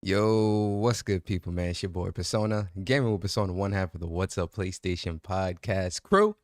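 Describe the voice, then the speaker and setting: A man's voice: sits low, fairly even intonation, normal speed, no echo. Man, new york accent, podcast host, hype-man energy, playful, dry close sound. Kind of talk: casual gaming podcast chat.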